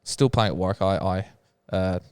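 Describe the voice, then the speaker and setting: Halting young Aussie man, dry close voice. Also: low voice, steady tone, a little mellow, smooth, no room sound. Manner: halting, giggly. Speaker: podcast co-host. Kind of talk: casual chat.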